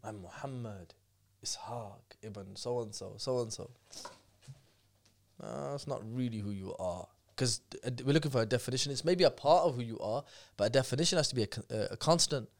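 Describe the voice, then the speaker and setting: A man talks quickly on a casual podcast. He tells stories at speed, breaking off and restarting his sentences. His voice sits at an ordinary middle pitch. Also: vocal fry. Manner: fast, animated storytelling with many restarts. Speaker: guest speaker.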